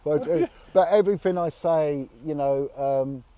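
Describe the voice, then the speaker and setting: A man's voice: a little high, measured pace, mellow. A man vlogging from a roadside bench on a long walk, talking earnestly and indignantly, with blunt swearing. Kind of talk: casual outdoor chat to camera. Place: outdoors, sitting on a bench by a road.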